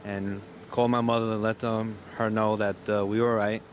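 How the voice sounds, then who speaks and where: A man with a low voice answers questions quietly and haltingly. He sounds subdued, trailing off between short phrases. A faint layer of ambient noise sits behind him. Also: level tone. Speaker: interviewee, son of a missing man.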